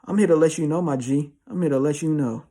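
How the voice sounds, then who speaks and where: Young male motivational speaker, husky voice, street slang, hammers points with repetition. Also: a little high, quick pace, mellow. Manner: slangy, emphatic, repeats himself. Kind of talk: motivational monologue.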